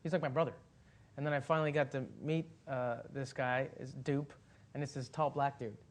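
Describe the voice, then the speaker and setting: A man of middle pitch tells a story at a Q&A, all loose and animated, full of fillers and restarts. He breaks into laughter partway through his sentences and keeps winding back to his point. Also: normal speed. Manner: laughs as he talks. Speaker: actor guest. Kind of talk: casual anecdote at a Q&A.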